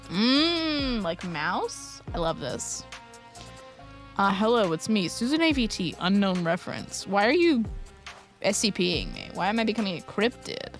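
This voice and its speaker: A woman's voice: mid-range voice, fairly bright tone. A young woman streamer, chatting casually and playfully with viewers, giggling often. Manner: giggly, playful, quick tangents. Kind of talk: casual live-stream chat reading viewer messages.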